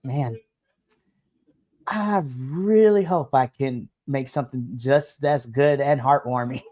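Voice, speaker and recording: A woman's voice: very deep voice, slow, mellow, voice pushed down. A woman doing an eager young male cook. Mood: wistful.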